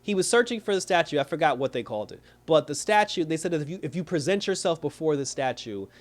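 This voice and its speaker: Slangy, animated male movie reviewer. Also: fairly high pitch, quick pace. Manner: animated, slangy, profane, retells scenes with quoted voices. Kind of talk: casual plot recap.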